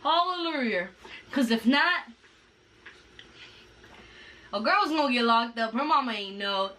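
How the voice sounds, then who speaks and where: Woman vlogger spilling a story, slangy and lively, bit far off the mic. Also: a little high, brisk. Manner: animated, slangy retelling. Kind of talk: casual storytime.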